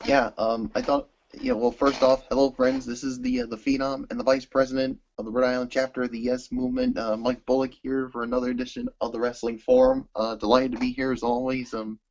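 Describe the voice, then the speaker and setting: Gravelly man rambling through a podcast recap. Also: mid-range voice, a little fast, hardly any pauses, darkish tone. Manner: rambling, filler-heavy recap. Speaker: co-host. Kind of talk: casual podcast chat. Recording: slightly dull lo-fi audio.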